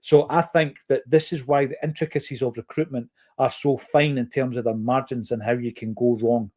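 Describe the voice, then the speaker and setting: A Scottish man from Fife hosts a football podcast, answering listener comments in an earnest, opinionated way. His voice sits at medium pitch with a darkish tone and fairly even intonation, and he speaks in a measured manner, using fillers.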